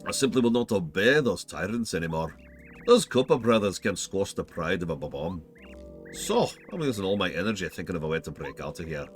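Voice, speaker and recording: A man's voice: deep voice, expressive, a little fast, soft background music. A man voicing a proud, stubborn jailed bomb creature with a put-on Russian accent. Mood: defiant.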